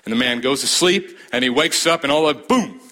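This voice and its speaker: A man preaching a sermon as a pastor, building emphasis with dramatic pauses and repeated phrases. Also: mid-range voice, animated, pushed and bright.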